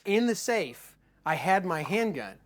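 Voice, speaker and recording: A man's voice: high voice, unhurried. A man telling tall tales casually, with lots of fillers, acting out the people in his stories. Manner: animated, acts out voices in his stories; frequent fillers like "like". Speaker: storyteller host.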